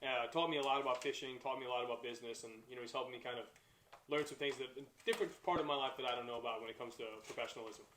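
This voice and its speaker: Young man, rapid profane storytelling, roomy echo. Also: mid-range voice, fairly bright tone, a little hiss or hum. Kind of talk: casual chat. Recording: echoey room.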